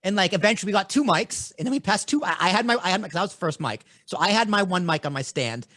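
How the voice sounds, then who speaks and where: A young adult man with a Boston accent, hosting a podcast and telling stories in a blunt, animated, casual way. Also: high voice, fast talker, dry recording, studio quality. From Boston, USA. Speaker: podcast host.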